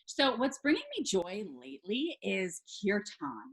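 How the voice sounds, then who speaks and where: A bubbly middle-aged woman talking as a guest on a talk show, her voice at a plain middle pitch. She gushes cheerfully about what she loves and leans on "like" as she talks. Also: very animated, unhurried. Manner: bubbly, gushing, says "like" a lot. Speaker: guest, therapist and Reiki healer. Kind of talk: casual interview chat.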